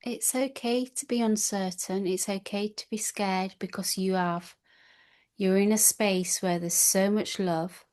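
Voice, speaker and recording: A woman's voice: mid-range voice, steady tone, a little slow, a little mellow. A woman attending a retreat and sharing her experience in an interview, speaking in a heartfelt, gushing way with many restarts. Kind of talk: reflective interview answers.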